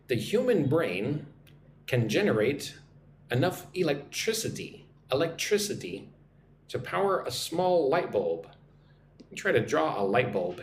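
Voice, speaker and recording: An American man with a mid-range voice teaches an English lesson on a livestream, slowly drilling pronunciation and repeatedly asking "right?" The room is echoey, with faint background noise.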